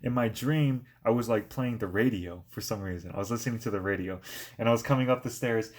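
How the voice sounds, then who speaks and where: A man's voice: lowish voice, fast talker. Rambling young man telling a story. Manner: rambling storytelling, many fillers and restarts. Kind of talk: casual chat.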